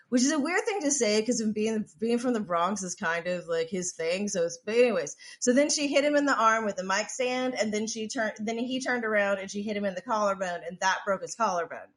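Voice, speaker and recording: A woman co-hosting a podcast recounts a story in loose, casual chat. She swears freely, restarts her sentences often and fills gaps with "like". Her voice sits at an ordinary middle pitch. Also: a little fast, hardly any pauses. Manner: profane, rambling, with frequent restarts and "like". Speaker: podcast co-host.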